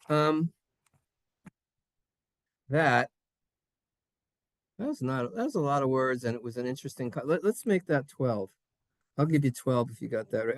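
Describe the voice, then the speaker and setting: A man leads a playful children's Hebrew lesson, joking and sing-song as he quizzes the class. His pitch jumps around a lot, and the sound is dry and close with no room echo. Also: a little slow. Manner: jokey, animated, sing-song. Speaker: Hebrew teacher. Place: synagogue classroom.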